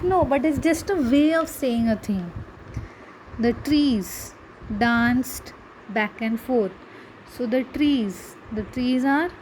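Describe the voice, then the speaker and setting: A woman's voice: high-pitched, warm tone, slight background noise, rough recording. A woman teaching a grammar lesson, patiently explaining and asking her students rhetorical questions. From India. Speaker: English teacher.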